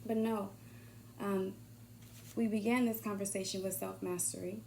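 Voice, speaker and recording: A woman giving a casual motivational monologue, swearing freely and swinging from hushed whispers to loud bursts. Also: medium pitch, steady tone, normal speed, creaky, a little hiss or hum. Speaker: motivational vlogger.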